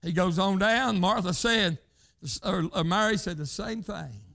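Gravelly older preacher man. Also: sits high, unhurried. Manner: punctuates lines with "hey", breaks into shouts. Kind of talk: fervent sermon.

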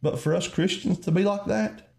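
A man preaching a fervent sermon, calling the listeners "friend" and swinging between quiet reflection and raised emphasis. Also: high voice, normal speed, creaky.

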